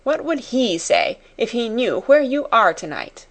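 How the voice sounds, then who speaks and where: A woman voicing a harsh headmistress who scolds and commands, her voice loud and cutting. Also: fairly high pitch, sing-song, measured pace, pitched above the performer's own voice, heavily acted. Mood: furious.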